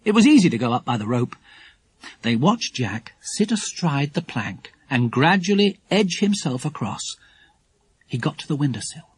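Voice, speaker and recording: A man narrating a children's audiobook in a lively, expressive storytelling manner. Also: mid-range voice, unhurried, breathy edge, no room sound.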